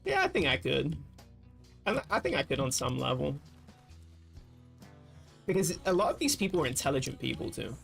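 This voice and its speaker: A man chats casually on a livestream, thinking aloud and swearing often as his thoughts wander. His voice sits fairly high for a man and has a gravelly fry, with faint music playing behind him. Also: big pitch swings, normal speed, long pauses, a bit bright. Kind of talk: casual livestream chat while gaming.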